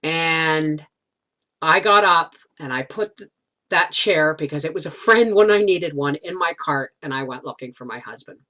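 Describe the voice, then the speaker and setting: A middle-aged woman with a slightly low voice chats to camera, spinning a long, rambling story. She restarts her sentences often, as if talking with friends at the kitchen table. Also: normal speed, sharp tone. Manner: chatty, rambling, many restarts. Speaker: homesteading vlogger.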